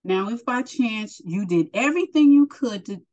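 A woman's voice: on the high side, expressive, normal speed, darkish tone, lo-fi sound. Earnest woman preaching encouragement. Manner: earnest, encouraging, calls listener honey. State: emotional, near tears. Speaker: spiritual teacher. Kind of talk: informal preaching to camera.

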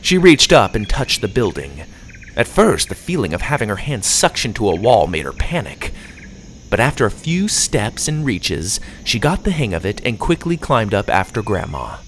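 A lively male storyteller. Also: normal speed, slight background noise. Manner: expressive read-aloud with lively pitch. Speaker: narrator. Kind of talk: storybook narration.

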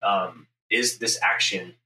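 A man's voice: fairly low pitch, takes it slowly, bright, forceful tone. A man telling a story in casual podcast chat, intense and profane, acting out his own inner voice. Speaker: podcast host, business owner. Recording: echoey room, mic at a distance, faint ambient noise.

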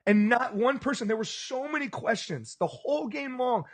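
A man's voice: very high-pitched, normal speed. A man co-hosting a casual sports podcast, telling stories with animation and acting out the reactions of people around him. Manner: animated storyteller, acts out bar crowd reactions.

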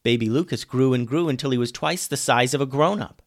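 A man reading a children's adventure story aloud, lively, dropping low and quiet on the narration tags. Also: fairly quick, no echo, studio quality.

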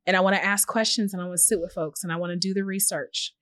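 A woman's voice: fairly low pitch, steady tone, quick pace, no echo. A woman guest on a podcast, talking earnestly and reflectively, acting out little quoted messages as she tells her stories. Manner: earnest, warm-hearted storyteller who acts out little quoted messages. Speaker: podcast guest, journalist and founder. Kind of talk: reflective conversational interview.

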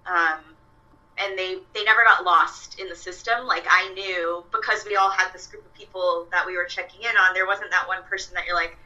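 A woman's voice: lowish voice, fairly even intonation, moderate pace, pushed and bright, dull audio. A young woman, a fitness coach, chatting casually with lots of fillers and quoted asides. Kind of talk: casual podcast chat. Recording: voice a bit far from the mic.

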